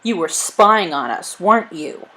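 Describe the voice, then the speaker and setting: A woman's voice: on the low side, expressive, unhurried, bright, forceful tone, rough recording. A woman reading a storybook aloud, voicing a determined male sailor who talks firmly and commands the others.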